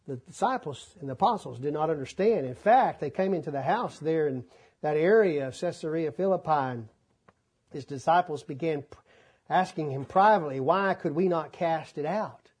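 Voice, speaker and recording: Man, husky voice, animated folksy sermon. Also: fairly high pitch, moderate pace. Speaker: preacher.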